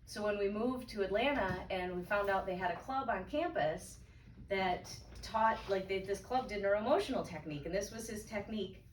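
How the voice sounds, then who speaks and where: A woman's voice: mid-range voice, normal speed, a little hiss or hum. A woman in her thirties speaking as a guest at an evening event, telling a candid personal story with frequent restarts. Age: 30s. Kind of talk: personal testimony talk. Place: event room. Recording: echoey room, voice from far off, faint ambience.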